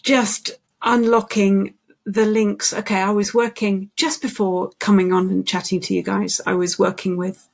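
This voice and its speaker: As an interview guest, a woman who specializes in singing voices discusses her work with singers in a conversational way. Her medium-pitched voice is gravelly and creaky, and she speaks thoughtfully, flatly, and unhurriedly, restarting sentences as she tells stories.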